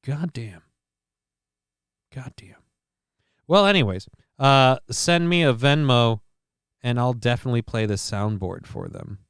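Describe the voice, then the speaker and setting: Speaking at a normal speed in a smooth, mid-range voice, a man hosts his own live stream, where he reads news items and riffs on them in a crude, wandering style of casual commentary. It's studio quality with no echo.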